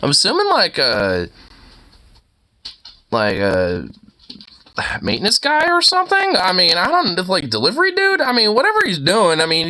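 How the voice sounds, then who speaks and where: A man streaming, reacting to a video with casual, profane, exasperated commentary. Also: high-pitched. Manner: animated, profane, exasperated ranting.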